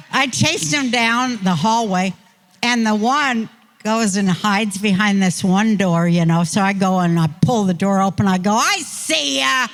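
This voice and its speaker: A woman's voice: mid-range voice, a bit bright. An older woman, a guest on an interview show, telling a rambling, folksy, self-mocking story.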